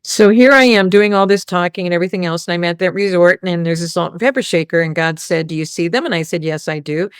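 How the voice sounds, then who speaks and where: A woman's voice: fairly low pitch, quick pace, few pauses, clear, resonant tone, dry recording, studio quality. A woman hosting a casual spiritual talk, telling a rambling story and quoting others. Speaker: host.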